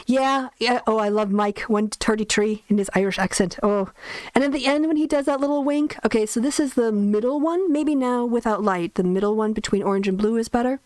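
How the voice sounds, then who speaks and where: A woman's voice: a little high, darkish tone, dry recording. Host: chatty, rambling woman in a dry, soundproofed bedroom. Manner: chatty, rambling, laughs often. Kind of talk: casual livestream chat. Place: bedroom, sitting on bed. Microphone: soundproofed desk mic.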